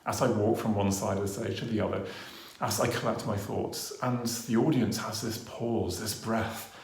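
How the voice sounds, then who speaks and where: A man's voice: fairly low pitch, steady tone, normal speed, a little mellow. A man presenting a training talk to camera on a lapel mic, earnest, with frequent ers and ums, varying his pace and volume to demonstrate. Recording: roomy echo.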